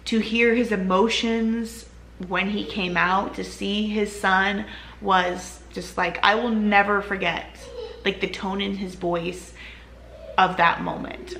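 Bright, gravelly-voiced woman telling a story. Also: medium pitch, echoey room, slight background noise. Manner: chatty, peppered with "like" and "you know". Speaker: vlogger sharing her birth story. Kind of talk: casual storytelling to camera.

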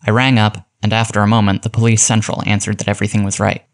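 A man reading a detective story aloud as narrator, in a measured, even way. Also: on the low side. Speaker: audiobook narrator.

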